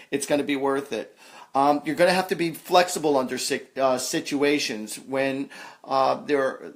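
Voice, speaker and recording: A man hosting a live psychic reading, talking in a halting, reassuring way with lots of ums and uhs. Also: fairly high pitch. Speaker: psychic medium host. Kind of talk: live online reading session.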